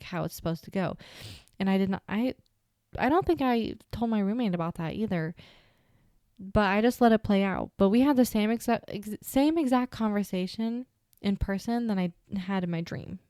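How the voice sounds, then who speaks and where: Young woman rambling through her podcast stories, smooth clear voice, dry close mic. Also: mid-range voice, darkish tone, no room sound. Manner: chatty, rambling, with many "like" fillers. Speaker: podcast host. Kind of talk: casual solo podcast storytelling.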